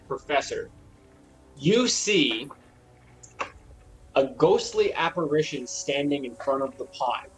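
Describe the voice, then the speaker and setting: A man runs a tabletop game and describes each scene in a loose, rambling way. His voice sits a little high for a man, and he swears freely as he goes. He sounds like he is making it up on the spot. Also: low-quality recording. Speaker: game master.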